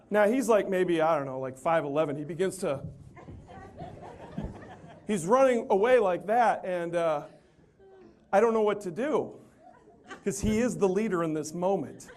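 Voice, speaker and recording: A male motivational speaker telling a humorous, self-deprecating story in a lively way and acting out the people in it. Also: sits high, moderate pace, pauses often.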